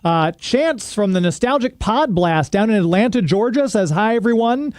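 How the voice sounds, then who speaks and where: A man's voice: sits high, animated, moderate pace, no echo, studio quality. A man hosting a radio interview show, asking questions in a conversational, easygoing way.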